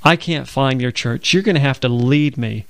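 The host, a Southern-accented man from Alabama, talks through the Bible conversationally on radio and earnestly quotes long stretches of scripture. His voice is medium-pitched and gravelly, at a normal pace, in a dry recording.

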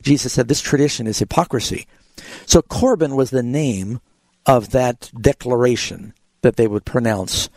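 A man's voice: medium pitch, normal speed, gravelly, a little mellow, dry recording. A man hosting a call-in Bible radio show, patiently explaining scripture to callers with frequent fillers. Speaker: radio Bible program host.

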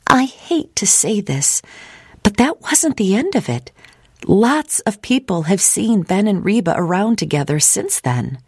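A woman reading aloud, voicing a worried young woman friend who gently and apologetically breaks hard news. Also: medium pitch, very animated, measured pace, slightly rough, no room sound, clean studio sound, pitched above the performer's own voice. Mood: apologetic.

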